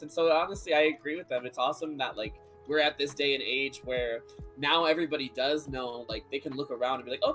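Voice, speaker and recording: A man's voice: on the high side, a bit bright. A man guest in a round table chat, thoughtful and hesitant with many "uh"s. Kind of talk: casual chat.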